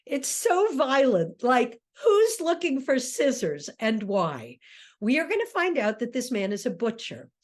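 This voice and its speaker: Woman lecturer, kinda high voice, punchy, keeps asking the class questions. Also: huge pitch swings, unhurried. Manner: emphatic, asks rhetorical questions. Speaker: lecturer and theater director.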